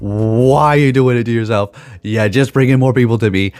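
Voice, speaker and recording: A man's voice: medium pitch, moderate pace, clean tone. A man talking into a USB microphone, giving gaming tips and joking animatedly about his critics in a casual vlog. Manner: animated, jokey, ranting about haters. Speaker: gaming YouTuber.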